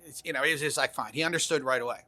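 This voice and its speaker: A man's voice: medium pitch, racing, bright, forceful tone, no echo. An older man, a retired intelligence officer, telling long rambling anecdotes in an interview, with frequent restarts. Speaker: guest, former intelligence officer. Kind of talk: casual interview storytelling.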